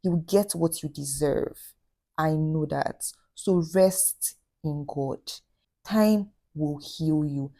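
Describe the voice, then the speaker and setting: A woman's voice: sits low, slow, gravelly, mellow. A woman giving heartfelt, encouraging advice in a vlog, repeating her phrases for emphasis. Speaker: vlogger.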